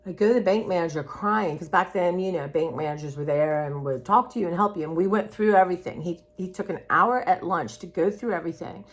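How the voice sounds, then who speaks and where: Older woman vlogger, slightly low voice, chatty and rambling, talks straight to camera. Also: brisk, hardly any pauses. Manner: rambling, chatty, addresses viewers as y'all. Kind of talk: casual chat to camera.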